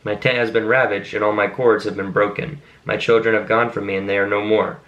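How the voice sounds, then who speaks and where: Low-voiced man reading scripture aloud. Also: lo-fi sound. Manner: steady, measured reading with brief asides to explain words. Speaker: Bible reader.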